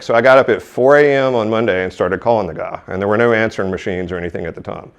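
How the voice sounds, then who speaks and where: Brief: low-voiced man in his fifties, casual, blunt, swears a little while he tells his story. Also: fast, few pauses. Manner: blunt, irreverent, mildly profane. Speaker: engineer telling his career story.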